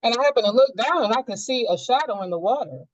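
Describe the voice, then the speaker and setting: A woman's voice: on the high side, animated, fast, no room sound, low-quality recording. A woman sharing a personal experience in a group coaching session, reflective and searching, with many fillers.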